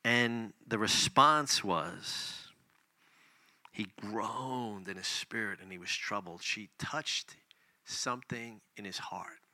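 With fairly low pitch and a slow delivery, a man preaches, reading passages of scripture and unpacking them conversationally. He moves from loud stresses to almost whispered moments. The pastor's recording is dry.

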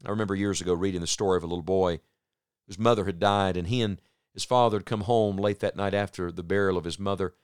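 Low, smooth-voiced preacher man. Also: steady tone, no room sound, studio quality. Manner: earnest, with emphatic slow pauses. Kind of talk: broadcast sermon.

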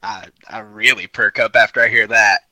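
A man's voice: fairly low pitch, steady tone, moderate pace, bright, forceful tone, low-quality recording. A man playing a tabletop game, talking casually in a laid-back, joking way. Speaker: player.

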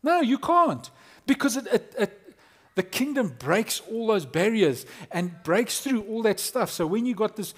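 Animated pastor preaching. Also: male voice, sits high. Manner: animated, conversational preaching with acted-out quotes. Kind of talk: sermon.

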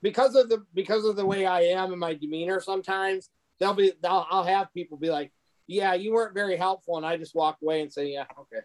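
A man chatting casually on a podcast, blunt and deadpan, swearing now and then. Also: sits high, fast talker, rough recording. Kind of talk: casual chat.

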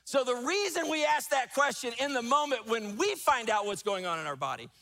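A man's voice: very high voice, lively intonation, a little fast, sharp tone. A man preaching a sermon as pastor, emphatic, rising and falling, repeating key phrases.

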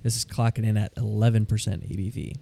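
A man's voice: lowish voice, fast talker, creaky, husky. A man co-hosting a podcast in casual, jokey chat. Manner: relaxed, jokey, reads labels aloud. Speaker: podcast co-host.

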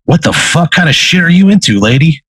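A man's voice: lowish voice, normal speed, a bit bright, husky, dry recording. A man voicing a crude, laid-back male stoner demon from hell in a tabletop role-play, with a casual, drawling way of talking.

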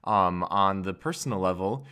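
A man's voice: low voice, normal speed, sharp tone, clean tone. A man hosting a podcast interview, polite and encouraging as he asks open questions. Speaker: podcast host.

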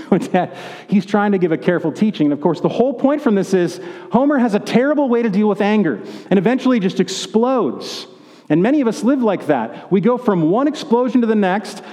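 Male pastor, sermon, conversational joking manner, fairly high voice, animated pitch. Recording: echoey hall.

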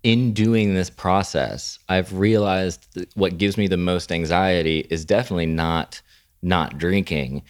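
Deep-voiced man, rambling casual chat. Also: unhurried. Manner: rambling, animated storyteller, says "dude" and "like". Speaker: podcast co-host.

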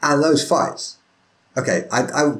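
A man's voice: fairly high pitch, a little slow, fairly bright tone. A man hosting a podcast interview, talking in a thoughtful, rambling way and checking in with "right?". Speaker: podcast host. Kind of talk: casual interview chat.

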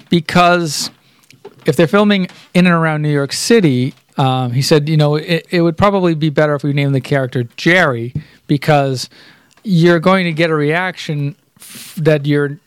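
A man co-hosting a podcast who tells anecdotes at an easy pace. His voice is smooth and resonant and sits a little high. The sound is dry and close. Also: dry recording. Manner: storytelling, relaxed anecdotes. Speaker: podcast co-host. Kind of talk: casual chat.

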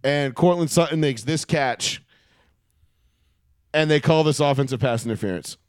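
Brief: male podcast co-host, profane and animated, raised-pitch sports chat, dry sound. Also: moderate pace, clean tone, no echo. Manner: heated, profane, animated storytelling.

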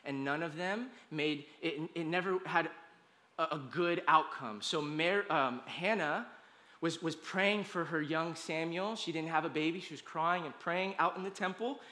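A man's voice: fairly high pitch, bright, forceful tone. A male pastor preaching a conversational sermon, often checking in with his listeners and hammering points with repeated lists. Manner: emphatic, repetitive lists.

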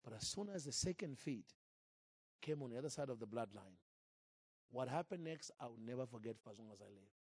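A man preaching a sermon into a microphone in church, telling a story in a lively, acted-out way. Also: mid-range voice, a little fast, husky, dry recording, clean studio sound. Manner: animated, acts out scenes and jokes with the crowd. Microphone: handheld or stand mic.

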